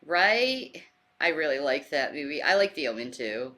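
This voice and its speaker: A blunt, foul-mouthed woman chats through a reaction stream. Her voice sits a little low yet rings bright and sharp. Her pitch swings widely as she reacts. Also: sing-song, normal speed. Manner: profane, blunt, laughs easily. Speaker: stream co-host. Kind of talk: casual reaction chat.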